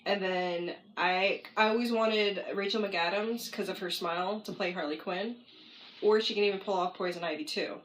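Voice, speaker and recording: A woman co-hosting a podcast in casual chat, opinionated and quick to react. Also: mid-range voice, slight background noise, poor audio. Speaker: podcast co-host.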